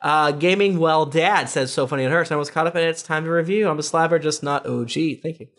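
A man's voice: fairly high pitch, fast talker, a bit bright. A man hosting a podcast, reading listener reviews aloud in a casual way with joking asides. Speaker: podcast host.

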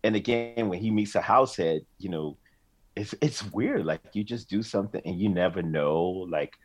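Laughing frequently, this middle-aged singer-songwriter shares emotional, animated stories during a relaxed interview. He speaks in a lowish voice at normal speed.

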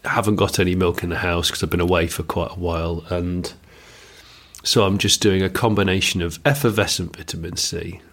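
A man co-hosting a podcast, chatting casually with a slightly gravelly voice. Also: low-pitched, fairly even intonation, brisk, a bit bright. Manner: chatty, rambling asides. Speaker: podcast co-host. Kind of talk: casual chat.

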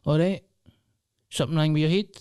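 A man's voice: a little high, fairly even intonation, a little fast, dark tone, clean tone, dry recording, clean studio sound, pitched above the performer's own voice, close to an everyday voice. A Scottish comedian imitating his older father, who asks blunt, abrupt questions in a Scottish accent. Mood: nagging.

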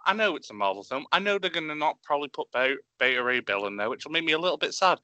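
A man chatting excitedly on a podcast, swearing freely and gushing about films. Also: fairly high pitch, quick pace, smooth, no echo. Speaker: podcast co-host. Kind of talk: enthusiastic casual chat.

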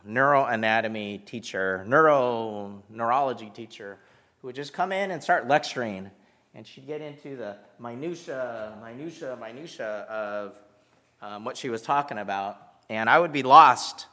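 An American pastor delivers a conversational sermon laced with self-deprecating humor. His mid-range voice is bright and forceful, echoing in a reverberant hall.

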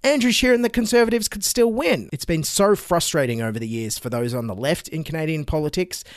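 A man's voice: a little high, brisk, dry recording, studio quality. A man hosting a comedy news show, delivering satirical political commentary in a sarcastic, mocking tone.

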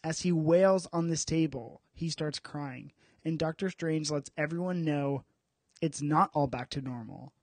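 A man's voice: fairly high pitch, measured pace, darkish tone, dry recording. A man hosting a podcast, recapping a comic book story and bantering in a playful, self-mocking way. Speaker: podcast host.

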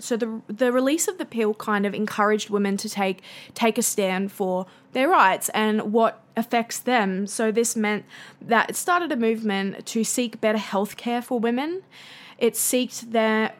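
A young woman with an Australian accent hosts a solo podcast, chatting in a playful way with ironic asides. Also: medium pitch. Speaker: podcast host. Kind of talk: casual solo podcast monologue.

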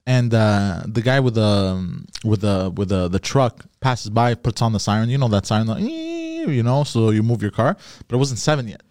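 A man co-hosting a comedy podcast, telling a story in a rambling, halting way. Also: on the low side, a little mellow, dry recording, studio quality. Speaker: podcast co-host. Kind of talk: casual comedy chat.

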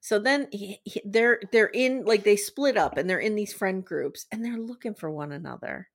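A woman hosting a podcast, casually and sarcastically recapping a reality show and acting out what the cast said. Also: medium pitch. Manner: brisk, sarcastic storytelling that acts out quotes. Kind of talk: casual chat.

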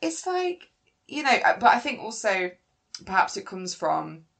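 A woman's voice: medium pitch, big pitch swings, unhurried, gravelly, fairly bright tone. A woman hosting a casual podcast chat, candid and sweary, talking animatedly.

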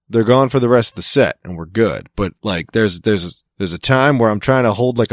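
A man's voice: lowish voice, dry recording. A man co-hosting a podcast in casual chat, laid-back and dry, swearing freely. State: clearing throat with hiccups. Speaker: podcast co-host.

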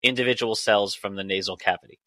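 A podcast host explaining science news in a calm, deadpan way with dry humor. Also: male voice, on the low side, fast, no echo. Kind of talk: casual chat.

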